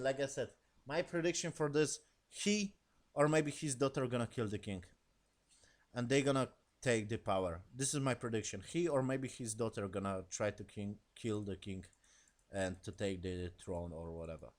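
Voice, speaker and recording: Rambling, profane man reviewing a show. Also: medium pitch. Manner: rambling, profane, animated retelling with acted quotes; non-native English grammar. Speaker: TV episode reviewer. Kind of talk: casual spoken review.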